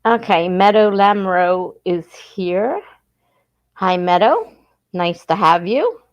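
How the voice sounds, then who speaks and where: South jersey lady hosting a stream, lowish voice, chatty and rambly, laughs a lot. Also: animated, slow pace, highs cut off. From southern New Jersey. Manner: chatty, laughs often, meandering. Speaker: livestream host. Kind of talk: casual livestream chat, reading comments aloud.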